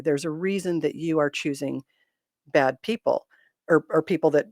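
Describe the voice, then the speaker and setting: A woman's voice: low-pitched, moderate pace, darkish tone, dry recording, clean studio sound. A middle-aged woman hosting a casual livestream chat, speaking candidly with self-deprecating humor and reading viewer comments aloud.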